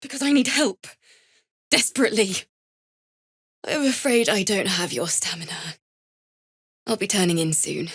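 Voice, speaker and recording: A woman with a husky, fairly bright mid-range voice speaks at a moderate pace with frequent pauses, recorded cleanly in a studio without room sound. She plays a grieving young bard in video game dialogue, earnest and apologetic, whose shy apologies give way to flashes of anger.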